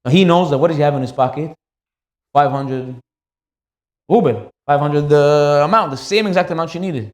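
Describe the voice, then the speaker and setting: A man giving a sermon as a rabbi, telling a story in an animated way and acting out the characters. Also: on the high side, normal speed, echoey room.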